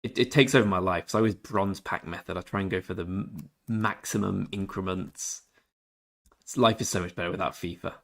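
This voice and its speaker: Young English male game streamer, low-ish register, laid-back banter. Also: steady tone, fairly quick, creaky. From England. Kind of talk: casual livestream chat with viewers.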